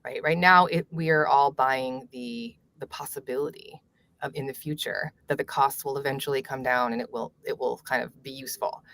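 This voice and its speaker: A woman author being interviewed, answering in a measured way with light laughs and frequent fillers. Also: rumbling low, fairly even intonation, fairly bright tone, slight background noise. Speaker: author and journalist guest. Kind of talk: conversational interview.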